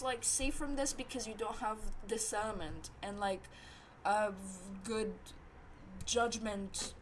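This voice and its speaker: Woman, around 20, high-pitched, vlogger spilling gossip, animated and sweary, with faint background noise. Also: low-quality recording. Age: about 20. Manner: animated ranting, heavy swearing. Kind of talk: casual storytime chat.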